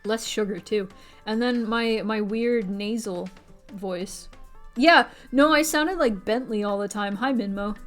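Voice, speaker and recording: At a measured pace and with a slightly bright tone, a young woman streamer rambles casually to her chat. Quoting anyone, she slips into a squeaky high voice, while soft music plays underneath.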